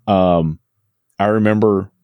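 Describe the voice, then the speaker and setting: A man's voice: lowish voice, fairly even intonation, takes it slowly, clean tone, no echo, muffled recording. A man co-hosting a podcast, telling a long personal story in a reflective, repetitive way. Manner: reflective storytelling, repeats words as he thinks. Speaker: podcast co-host. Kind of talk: casual podcast chat.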